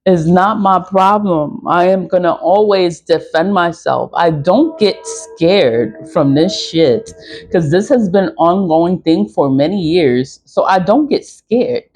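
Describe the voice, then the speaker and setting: Rambling, swearing woman vlogger, lower voice. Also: slow, breathy edge, faint music behind. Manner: rambling, animated, profane, laughs often. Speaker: spiritual vlogger selling cleansing products. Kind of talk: casual monologue to camera.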